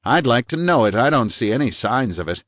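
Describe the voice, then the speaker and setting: A man's voice: mid-range voice, sing-song, fairly quick, a bit bright, no room sound, muffled recording, voice pushed up. A man voicing a hard, bullying small-town police chief who snaps his questions.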